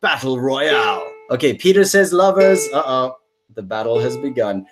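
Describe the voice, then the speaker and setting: A man's voice: mid-range voice, very animated, normal speed, music in the background. A man hosting a casual musician's livestream, chatting in a rambling way and reading out viewer comments. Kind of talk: casual live-stream chat.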